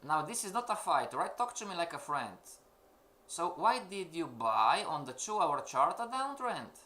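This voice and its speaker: A man's voice: on the high side, very animated, moderate pace, sharp tone. A man teaching a live-streamed trading class, emphatic and questioning, repeating his points to the students. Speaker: forex trading instructor.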